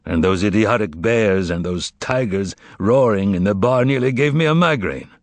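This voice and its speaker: A man's voice: fairly low pitch, moderate pace, no echo, natural voice. A man doing a stern, weary devil. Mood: dry. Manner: dry, stern. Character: imperious, weary male devil, dry. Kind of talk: audiobook character voice.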